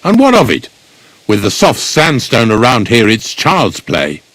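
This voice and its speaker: An actor playing a blunt, grumbling village gravedigger in a video game, speaking. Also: male voice, mid-range voice, wildly swooping pitch, measured pace, a bit bright, no room sound, exaggerated voice. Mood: gruff.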